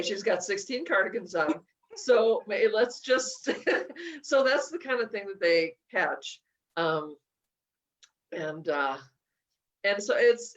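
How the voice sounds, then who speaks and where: A woman's voice: medium pitch, fairly bright tone. A woman author being interviewed, talking casually and emotionally, laughing often and restarting her sentences. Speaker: author guest. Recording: slightly dull lo-fi audio.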